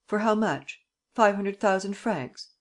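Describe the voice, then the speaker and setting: An audiobook reader voicing a cunning, mocking gentleman thief who taunts and bargains, with a theatrical, triumphant manner. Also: mid-range voice, takes it slowly, pitched above the performer's own voice, natural voice. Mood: bargaining. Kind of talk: audiobook character reading.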